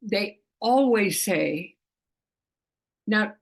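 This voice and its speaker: This middle-aged animal communicator talks casually to camera about her work in a mid-range voice with vocal fry, animated but extremely slow. Chatty by nature, she restarts often and laughs softly.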